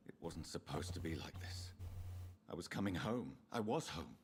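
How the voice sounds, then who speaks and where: A man's voice: very deep voice, expressive, normal speed, slight background noise. An actor voicing a somber, guilt-ridden undead son speaking earnestly and tenderly to his mother in a game. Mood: sorrowful. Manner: earnest and restrained. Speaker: game protagonist. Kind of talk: video game voice acting.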